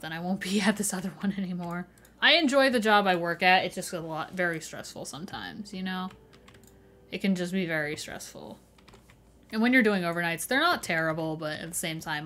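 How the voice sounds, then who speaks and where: A woman's voice: on the low side, a bit bright. A young adult woman chatting casually with her viewers while live-streaming a game, laughing often as she greets and answers the chat.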